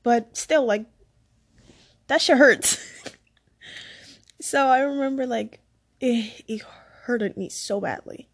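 Young woman from the Dominican Republic, fairly high voice, casual and rambling storyteller. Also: takes it slowly, long pauses, a little mellow. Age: young adult. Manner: rambling, sidetracked, laughs often. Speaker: vlogger.

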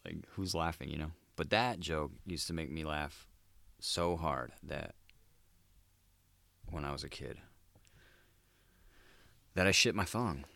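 Very deep-voiced crude male host. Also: takes it slowly, gravelly, pauses often, pushed and bright, no room sound. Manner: crude, laid-back, swears a lot and says "dude". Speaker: podcast host. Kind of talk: solo comedic monologue.

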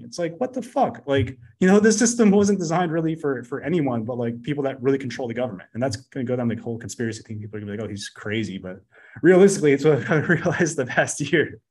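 A man's voice: mid-range voice, lively intonation, darkish tone, husky. A man who is a podcast guest, talking casually in a rambling, blunt way, full of fillers and swearing. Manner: rapid, rambling, full of "like" and "you know". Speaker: podcast guest, business coach. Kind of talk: casual interview chat.

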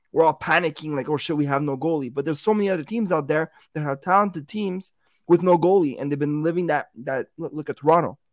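A man co-hosting a sports podcast in casual chat. He is animated, swears now and then, and rephrases himself mid-thought. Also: a little high, dry recording, studio quality. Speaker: podcast co-host.

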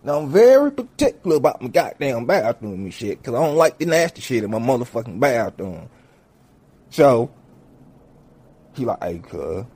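With a husky, mid-range voice, a man tells a profane comedic story at a moderate pace, leaving long pauses. He curses heavily and animatedly plays every character in turn.

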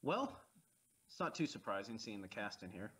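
A fairly low-voiced man in his thirties riffs during a casual movie commentary. He delivers absurd jokes completely deadpan. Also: moderate pace. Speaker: podcast co-host.

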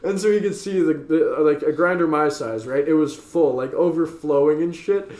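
A young man with a fairly high voice tells a wild story on a podcast, swearing constantly and laughing as he goes. The room around him is roomy and echoing. He talks casually, like he's riffing with a friend. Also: moderate pace, a little mellow. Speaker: podcast co-host. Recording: echoey room.

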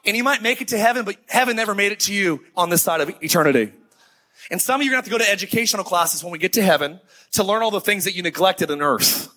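A man's voice: high-pitched, quick pace. Fiery man preaching a sermon. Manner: fiery preaching that drops to soft, intimate tones. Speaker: pastor. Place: church hall before a congregation.

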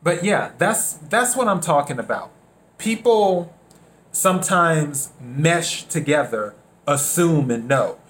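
A man from South Carolina hosting a reflective solo podcast, unhurried, repeating his phrases and acting out bits of dialogue. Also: a little high, lively intonation, a bit bright. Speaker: podcast host.

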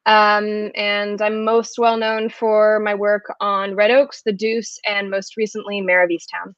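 A woman's voice: mid-range voice, flat delivery, measured pace, dry recording, muffled recording. A woman from France, a bilingual actress, chatting as an interview guest and laughing often. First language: French. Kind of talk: casual interview.

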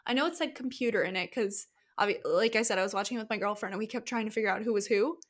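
A woman's voice: medium pitch, racing. A woman podcast guest in casual chat, retelling scenes and acting out the characters' lines playfully. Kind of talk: casual movie discussion.

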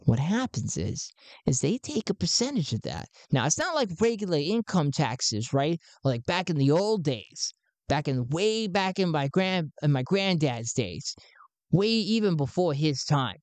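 A man's voice: fairly high pitch, very animated, unhurried, no echo, pitched above the performer's own voice. A man voicing a zealous anti-government recruiter who talks in a folksy, conspiratorial way. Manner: folksy, conspiratorial, calls people bud.

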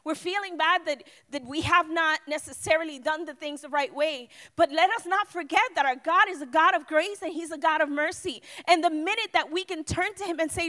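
A middle-aged woman pastor preaching a sermon, swinging from loud cries to hushed, quiet appeals. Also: high voice, fairly quick, few pauses.

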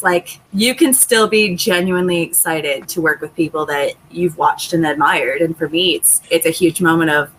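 A woman's voice: lowish voice, normal speed, hardly any pauses, pushed and bright, slight background noise, low-quality recording. A young woman, an independent pro wrestler, chatting candidly as an interview guest and telling self-mocking stories. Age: young adult. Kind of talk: casual interview chat.

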